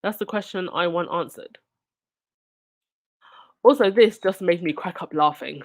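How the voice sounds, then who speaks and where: A woman's voice: lowish voice, a little slow, pauses often. A woman reading news aloud and breaking off into sarcastic, indignant asides as a channel host. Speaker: royal news commentator.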